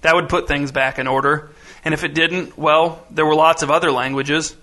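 Bright-voiced male audiobook narrator. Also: on the high side, steady tone, moderate pace. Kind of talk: scripted narration.

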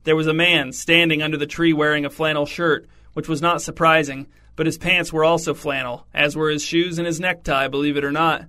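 A man narrates a comic story in a wry, deadpan manner. His voice sits a bit high and bright. He keeps a flat, even contour throughout. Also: a little fast, hardly any pauses. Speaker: audiobook narrator.

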